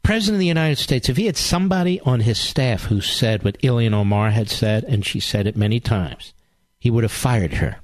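A man's voice: mid-range voice, lively intonation, brisk, dry recording. A man hosting a political talk show, delivering a combative, sarcastic monologue full of rhetorical questions and repetition.

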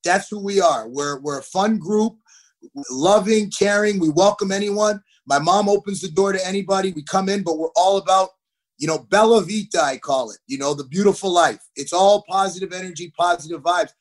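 Lively man telling stories. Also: high-pitched, normal speed. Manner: animated, acts out quotes. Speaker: guest hockey player. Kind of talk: podcast interview, storytelling.

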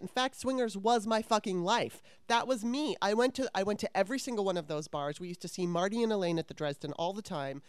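A woman's voice: medium pitch, clear, resonant tone, dry recording. Candid, profane woman telling a story. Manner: candid, profane, rambling with restarts. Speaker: podcast host. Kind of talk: casual storytelling chat.

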